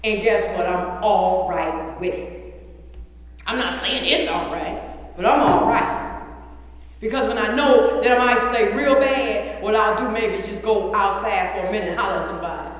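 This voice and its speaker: Speaking to a large meeting room at medium pitch and normal speed, a woman shares her personal recovery testimony in a blunt, earthy way, swearing and laughing as she goes. The recording is echoey and captured from a distance.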